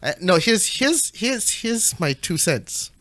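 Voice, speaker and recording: A man from Malaysia co-hosts a casual podcast with opinionated, joking takes. His voice sits a little high and sounds bright. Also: very animated, slow. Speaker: podcast co-host. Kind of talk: casual chat.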